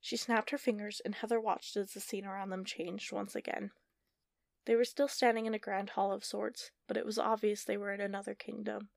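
A woman narrating a fantasy story in a steady, measured audiobook style. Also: medium pitch, gravelly, no room sound, studio quality.

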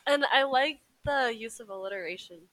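Bright, bubbly woman podcast co-host. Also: fairly high pitch, moderate pace, low-quality recording. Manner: bubbly, giggly, lots of "like". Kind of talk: casual chat.

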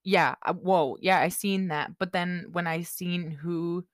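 A woman's voice: on the low side, steady tone, slow pace, dry recording, studio quality. A young woman co-hosting a casual podcast who talks bluntly and swears freely. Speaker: podcast co-host.

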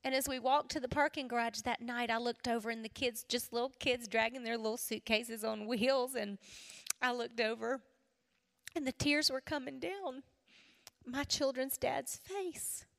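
A woman's voice: on the high side, moderate pace, gravelly. Earnest woman preaching in a reverberant hall. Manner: earnest storytelling, dropping to a hush for emphasis. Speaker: women's ministry speaker. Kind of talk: personal testimony sermon.

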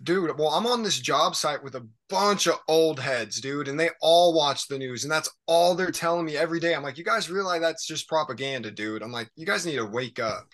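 A man's voice: fairly high pitch, brisk, few pauses, a bit bright. A man ranting in casual podcast chat, exasperated and profane. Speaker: podcast guest.

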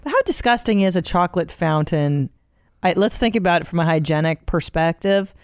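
A woman co-hosts a podcast in casual chat, her pitch rising and falling a lot. She is blunt and playful and eggs the others on. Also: lively intonation, brisk, clear, resonant tone, dry recording, clean studio sound. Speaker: podcast co-host.

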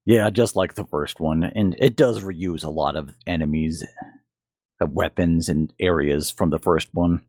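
A man with a very low voice gives blunt, opinionated takes in casual podcast chat. The sound is dry and close, with no room around it. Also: measured pace, a little mellow, dry recording. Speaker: podcast co-host.

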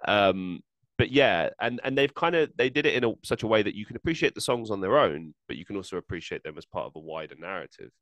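A man's voice: fairly low pitch, animated, fast, a bit bright, no echo, lo-fi sound. A man hosting a casual podcast interview, rambling and self-deprecating, often repeating his words. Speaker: podcast host.

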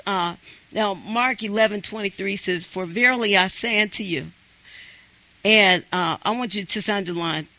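High, bright-voiced male preacher. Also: poor audio. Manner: emphatic, urging the congregation. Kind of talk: sermon.

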